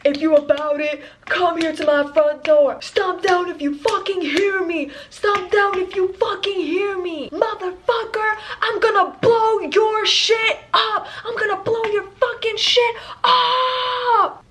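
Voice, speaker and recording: A woman voicing a rowdy, drunk male neighbor who swaggers and yells threats. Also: sits high, brisk, slight background noise, pitched above the performer's own voice. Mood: menacing shouting. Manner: laughing, swaggering, then shouting threats.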